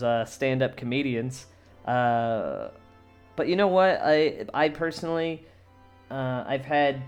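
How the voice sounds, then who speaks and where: A man talking off the cuff as a comedian hosting his own show, circling back on himself with lots of "uh" and restarts. His voice is smooth and clean, sitting at an ordinary middle pitch. Faint music plays underneath him. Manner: rambling, frequent fillers and restarts, profane. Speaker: comedy podcast host; stand-up comedian. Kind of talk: casual monologue.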